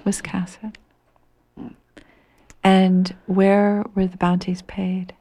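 A woman, a guest on a radio call-in show, telling a historical story and sometimes dropping into a breathy near-whisper. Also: medium pitch, completely flat delivery, extremely slow, dark tone.

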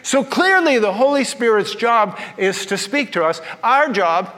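A male pastor delivers a sermon in a church, his fairly high voice carrying long reverb from the hall. He tells stories in an animated way and drops playful asides. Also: measured pace.

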